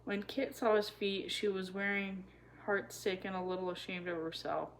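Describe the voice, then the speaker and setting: A woman reading a children's chapter book aloud in a gentle, even storytelling manner. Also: medium pitch, slight background noise, rough recording. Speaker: storybook reader.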